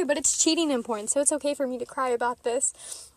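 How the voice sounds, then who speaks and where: A woman's voice: high voice, fairly quick, dry recording. A young woman talking frankly to her viewers in a rambling, casual way, often laughing. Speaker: vlogger. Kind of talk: candid casual chat to camera.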